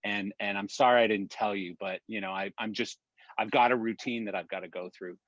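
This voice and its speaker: Brief: man playing a jittery, tipsy flyer, stammering and low, over a dull line. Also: steady tone, a bit bright, dry recording. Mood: anxious. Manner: anxious, halting. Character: nervous, tipsy man afraid of flying.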